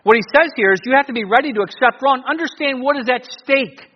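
A male pastor preaching a sermon in an animated way, full of rhetorical questions and frequent restarts. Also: very high voice, fast. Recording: dull, lo-fi recording with long reverb.

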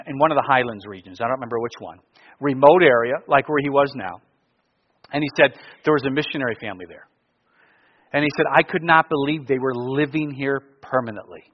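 A middle-aged male pastor telling stories in a sermon, jumping from loud bursts down to quiet, hushed asides. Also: medium pitch, dull audio.

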